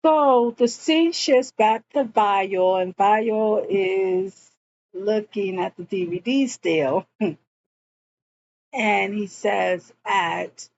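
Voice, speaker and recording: A woman's voice: mid-range voice, drawn-out words, darkish tone, dull audio. A woman casually retelling a TV episode scene by scene, leaning on "and he was like" to carry the story. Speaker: show recap vlogger.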